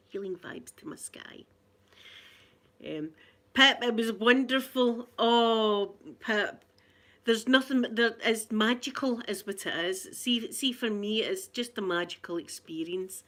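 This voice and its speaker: An older Scottish woman, a grandmother, chatting casually on a livestream and greeting viewers by name. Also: on the high side. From Scotland. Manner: chatty, warm greetings to viewers, frequent laughter. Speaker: livestream host. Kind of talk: casual live chat with viewers.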